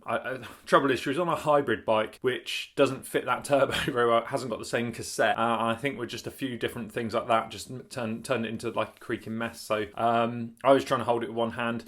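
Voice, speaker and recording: A man's voice: mid-range voice, fairly quick, few pauses, a bit bright. Rambling, chatty man. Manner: rambling, laughing, self-correcting. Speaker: cycling vlogger. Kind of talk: casual chat to camera.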